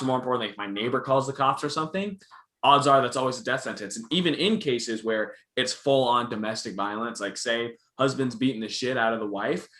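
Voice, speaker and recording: A man's voice: mid-range voice, sharp tone, roomy sound. A young man in his twenties, co-hosting a casual talk show, telling stories in a candid, profane way. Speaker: podcast co-host. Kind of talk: casual chat.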